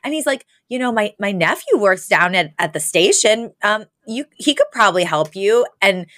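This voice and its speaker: A woman's voice: medium pitch, animated, normal speed, fairly bright tone, no room sound, studio quality. A woman co-hosting a podcast, recapping a sitcom episode in casual, giggly chat full of fillers. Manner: giggly, chatty, lots of fillers.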